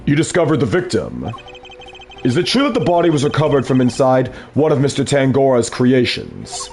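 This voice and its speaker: A calm, courteous defense lawyer played by a man, speaking in a mid-range voice with very animated pitch swings. His phrasing stays polite, measured and formal in a fan dub of a game. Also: slight background noise. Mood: composed.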